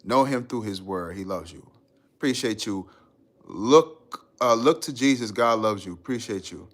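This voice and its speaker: A man hosting a casual live stream, reading out viewer comments and riffing on them in a relaxed, slangy way and laughing often. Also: on the low side, normal speed.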